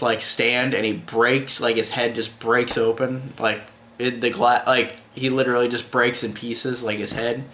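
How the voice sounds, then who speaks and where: A young man talks through an episode review casually, rambling and restarting often. His voice is mid-pitched and sounds roomy, with a clear echo. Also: pushed and bright. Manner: rambling, with many fillers and restarts. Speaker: video reviewer.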